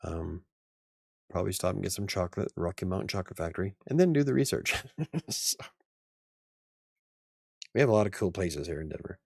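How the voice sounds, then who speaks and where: A man's voice: low-pitched, lively intonation, fairly quick, gravelly, long pauses, a little mellow, breathy edge, no echo, studio quality. A man hosting a casual livestream chat, rambling, joking at his own expense and laughing often. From United States. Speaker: livestream host.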